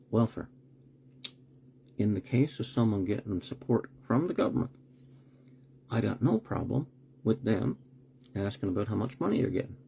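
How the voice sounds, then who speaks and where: Lowish, gravelly and mellow, this host's voice comes through a little hiss or hum as he runs a live online broadcast. He is blunt, tosses out rhetorical questions and sarcastic asides, and swears now and then when something annoys him.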